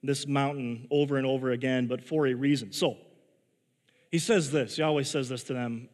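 Chatty preacher man in a reverberant hall. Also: on the high side. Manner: chatty, halting restarts, laughs at his own story. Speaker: pastor. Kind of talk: sermon with personal storytelling. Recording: long reverb of a large hall.

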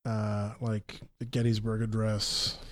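A man's voice: lowish voice, monotone, takes it slowly. A young man from Texas chatting casually, stammering and restarting, now and then trying out a Brooklyn accent.

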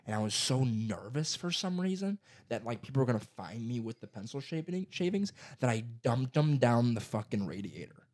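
A man's voice: mid-range voice, normal speed, hardly any pauses. Profane storytelling young man. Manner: profane, animated storytelling with put-on voices. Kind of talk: casual chat.

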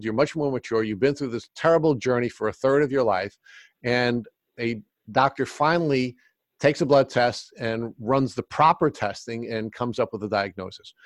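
A man's voice: medium pitch, no room sound. A man working as an interviewer who asks probing questions and recaps the story before asking.

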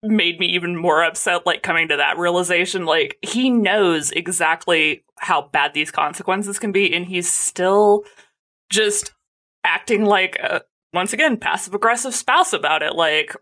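A young woman with a bright, clear voice, co-hosting a relaxed chat. She laughs often and swears casually. Her tone carries a steady edge of annoyance. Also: lowish voice, unhurried. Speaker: podcast co-host.

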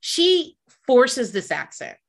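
A woman's voice: a little high, slow pace, vocal fry. A woman from the American South co-hosting a podcast, telling gossip stories casually, swearing freely and acting out the people she quotes. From American South, near Kentucky. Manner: animated storyteller who swears freely and acts out quotes. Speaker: podcast co-host.

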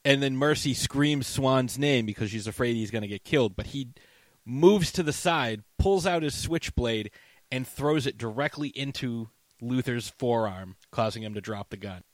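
A man casually recapping a movie scene with a co-host, animated and swearing freely. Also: medium pitch, normal speed, no echo.

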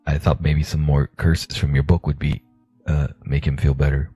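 A man's voice: rumbling low, little pitch movement, moderate pace, warm tone, husky, no echo, soft background music. A man playing a tabletop game, joking around with stammering restarts. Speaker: player. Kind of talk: casual tabletop play.

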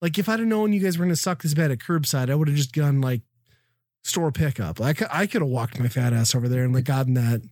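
A man's voice: fairly high pitch, quick pace, a little mellow, no room sound, studio quality. A middle-aged man from the Midwest telling a profane, exasperated story in casual chat. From American Midwest.

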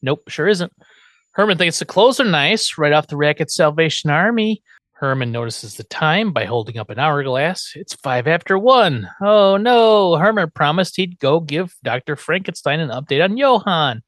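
A male podcast host recaps a TV episode in a casual chat, animated and laughing often as he throws in wry asides. His voice is on the high side at a normal speed, in a dry recording.

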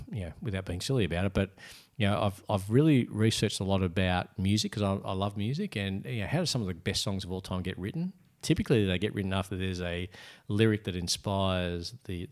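A middle-aged man, an author telling his story in a casual interview and acting out the voices of people he quotes. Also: fairly low pitch. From Australia. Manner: animated, acts out quoted voices.

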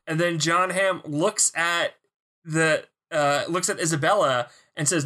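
A man with a slightly high and strikingly bright voice in a casual podcast chat. He retells jokes with animation, quick to laugh and swearing for emphasis. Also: expressive. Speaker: podcast co-host. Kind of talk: casual chat reviewing a show.

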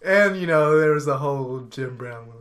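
A man's voice: a little high, expressive, moderate pace, a bit bright. A young man co-hosting a casual podcast chat, rambling, laughing often and trailing off mid-sentence. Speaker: podcast co-host.

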